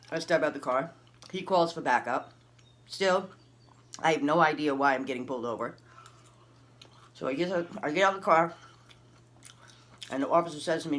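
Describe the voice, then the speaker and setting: A woman's voice: normal speed, pauses often. A woman tells a personal story in a casual, chatty way. She acts out each person in it, and her voice jumps up sharply when she quotes them. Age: adult, recalls early twenties and has a son. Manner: animated, acts out dialogue with big pitch jumps. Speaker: vlogger telling a personal story.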